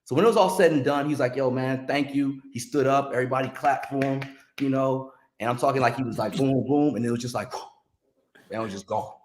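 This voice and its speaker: A man telling a story in casual chat, animated and acting out other people's lines. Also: mid-range voice, brisk, slight background noise. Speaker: podcast guest, music industry veteran. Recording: roomy echo.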